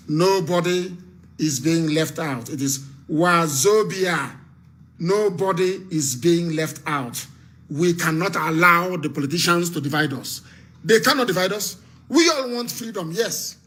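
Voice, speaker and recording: A man's voice: a little high, a bit bright. A man with a Nigerian accent giving an impassioned radio address as a political activist, fiery and repetitive, barking orders.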